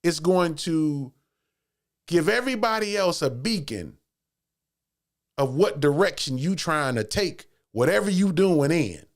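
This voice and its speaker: A man's voice: fairly high pitch, lively intonation, a little slow. A man hosting his own channel, delivering a repetitive, preachy motivational monologue full of stammered restarts. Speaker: channel host.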